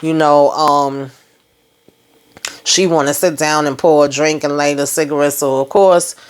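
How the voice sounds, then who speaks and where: A woman's voice: deep voice, unhurried, clear, resonant tone. A woman giving a casual, slangy spoken recap of a TV episode, retelling scenes and acting out the lines with frequent laughs. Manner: animated slangy retelling, acts out quotes, laughs often. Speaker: TV recap reviewer.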